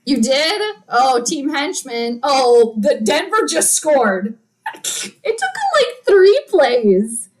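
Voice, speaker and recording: Lively, playful woman streaming game commentary. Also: sits high, slow pace, rough recording. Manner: playful, chatty, reads viewer chat aloud. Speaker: live stream host. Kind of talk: casual live game commentary.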